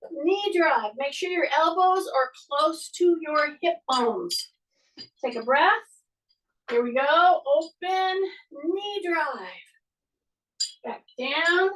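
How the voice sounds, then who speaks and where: A woman fitness instructor leading a guided workout with steady, even coaching cues. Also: high voice, far from the mic, poor audio. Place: home workout space.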